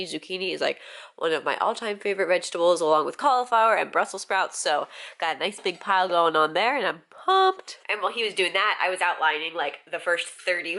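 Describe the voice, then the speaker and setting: A woman's voice: fairly low pitch, sharp tone. A young woman with a stuffy, nasal voice, chatting casually to her vlog viewers with lots of fillers. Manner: chatty, lots of likes and ums. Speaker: vlogger.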